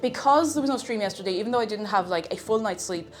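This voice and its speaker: A woman's voice: medium pitch, animated, quick pace. A young woman chatting with her stream chat in a playful, bubbly way, a little out of breath. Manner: bubbly, playful, sing-song asides. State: slightly out of breath. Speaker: livestreamer. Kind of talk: casual stream chat, reading chat aloud. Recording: music playing behind the voice.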